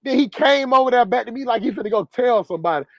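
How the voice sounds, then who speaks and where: A man who drives trucks telling a profane story to his viewers in an animated way. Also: very high-pitched, fast, dry recording, highs cut off. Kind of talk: storytelling vlog.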